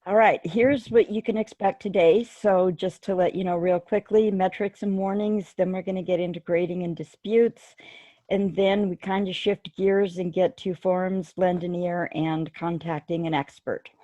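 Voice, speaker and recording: Low, mellow-voiced woman presenting a webinar. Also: steady tone, moderate pace, dry recording. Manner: orderly, explanatory. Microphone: video call. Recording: dull, lo-fi video call audio.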